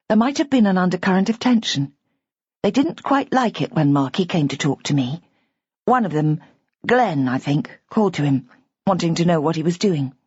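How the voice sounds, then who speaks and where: A woman's voice: fairly low pitch, a little mellow, slightly rough, no room sound, full character voice. A woman voicing an anxious young bride in an audiobook, talking in a rambling, upset way. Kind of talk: audiobook character voice. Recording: dull, lo-fi audiobook recording.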